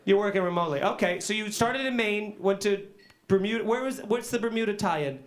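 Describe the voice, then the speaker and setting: A man's voice: sits high, brisk. A man performing stand-up comedy in a small club, brash and profane, chatting with the crowd and acting out little scenes. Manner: brash, profane, animated storytelling with acted-out asides. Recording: live club audience laughing.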